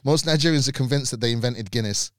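A man's voice: medium pitch, quick pace, a loud crowd. A man guesting on a podcast, telling stories in casual banter, laughing often and swearing freely.

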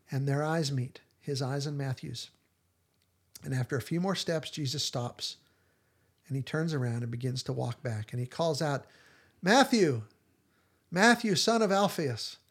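A man's voice: mid-range voice, moderate pace, breathy edge. A man hosting a podcast, retelling scenes in casual chat and acting out the quoted lines with animation. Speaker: podcast host.

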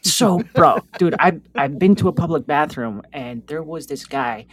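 A man's voice: on the high side, expressive, normal speed, a crowd in the background. Man, podcast co-host, rambling casual storyteller, lots of fillers and self-restarts.

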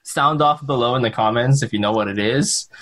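A man's voice: medium pitch, a little fast, fairly bright tone. A man hosting a casual podcast chat, playful and teasing, laughing often as he talks. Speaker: podcast host.

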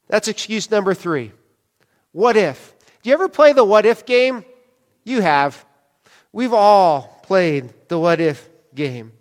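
A man's voice: high voice, big pitch swings, unhurried, pauses often. A man preaching a sermon as pastor, in a casual, conversational way, acting out quoted dialogue as he goes. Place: church sanctuary. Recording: long church hall reverb.

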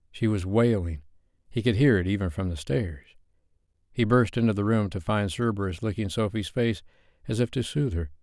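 A male audiobook narrator with a deep voice tells the story in a measured, even way. The studio sound is clean, with no echo.

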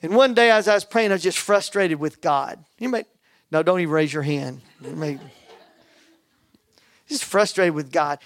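A man preaching a sermon, telling a personal story with animated quoted dialogue. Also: a little high, normal speed, long pauses, dry recording, studio quality. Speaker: pastor.

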